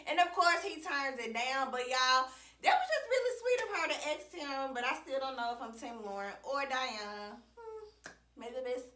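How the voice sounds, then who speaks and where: A woman's voice: high voice, big pitch swings, normal speed, pushed and bright, reverberant, far from the mic. A woman recapping a TV episode in casual, slangy chat, calling her viewers y'all and swearing freely. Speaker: TV recap reviewer.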